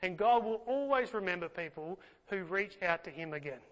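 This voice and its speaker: A man's voice: sits high, expressive, moderate pace, a bit bright, highs cut off. A man preaching an earnest sermon, closing in prayer and speaking with feeling. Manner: earnest, emotional, fillers and restarts. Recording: long hall reverb.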